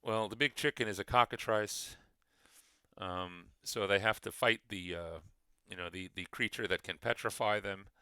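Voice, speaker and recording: Bright, gravelly game master explaining. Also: male voice, on the low side, normal speed, no echo. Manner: rambling, frequent restarts and fillers. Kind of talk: explaining adventure design.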